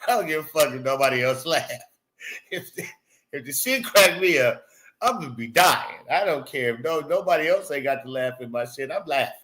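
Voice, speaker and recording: Bright-voiced laughing livestream host man. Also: on the high side, lively intonation, a little fast. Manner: loose, laughing, swearing, reads chat aloud. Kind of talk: casual livestream chat.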